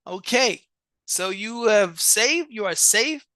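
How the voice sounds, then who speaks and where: A show host reads out vote results on a live stream in a slow, drawn-out way. The voice is bright and forward, with repeated words and restarts, and the sound is dry and close. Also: medium pitch, animated, no echo. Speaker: competition coach and show host.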